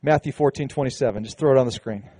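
A man preaching a sermon to his congregation, animated and conversational, with casual asides. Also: medium pitch, fast talker, slightly rough, no echo. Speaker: pastor. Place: church service with a congregation.

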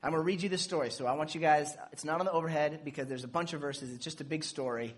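A man preaching a sermon in a casual, animated way, acting out bits of dialogue and making playful asides. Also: a little high, fast, husky. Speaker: pastor.

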